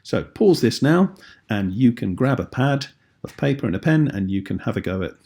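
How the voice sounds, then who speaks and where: A man with a British accent teaching a writing lesson in a patient, clear, explanatory way. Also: medium pitch, lively intonation, normal speed, a little mellow. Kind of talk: tutorial video lesson.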